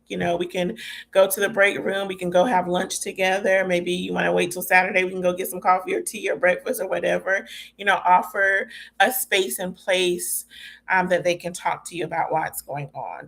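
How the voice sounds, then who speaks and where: A woman's voice: medium pitch, a bit bright. A middle-aged woman hosting an informal talk about mental health, talking to listeners directly with plenty of fillers. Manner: informal, addresses listeners as y'all, many fillers. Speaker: host.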